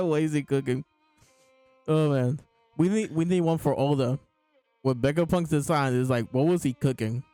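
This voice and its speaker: A man's voice: medium pitch, mellow, no room sound. A man casually chatting as a show host, amused and laughing often as he talks. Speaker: podcast host reviewing manga. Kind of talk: casual chat.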